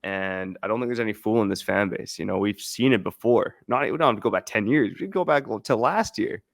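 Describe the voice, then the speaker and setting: A man co-hosting a sports podcast, explaining his points in a measured way with many fillers. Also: lowish voice, animated, gravelly, dry recording, studio quality. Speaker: podcast co-host. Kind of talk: casual sports podcast chat.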